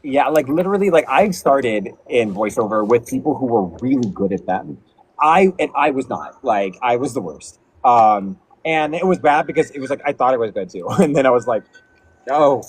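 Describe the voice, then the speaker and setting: A man who is a voice actor, chatting as a guest in a casual video-call interview, animated and rambling with lots of "like". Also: mid-range voice, moderate pace, slight background noise, rough recording.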